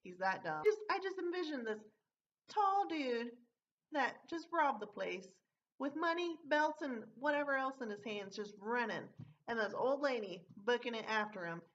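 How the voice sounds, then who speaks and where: A woman's voice: medium pitch, fairly bright tone, a little hiss or hum. Chatty young woman, lo-fi audio. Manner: rambling, lots of fillers and swearing. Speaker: vlogger. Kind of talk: casual storytelling. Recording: dull lo-fi audio.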